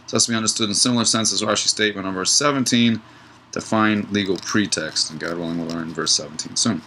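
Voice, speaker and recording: Bright-toned man teaching Torah. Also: lowish voice, slight background noise, poor audio. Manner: relaxed, digressive, tells a joke mid-lesson. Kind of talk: Torah study lesson.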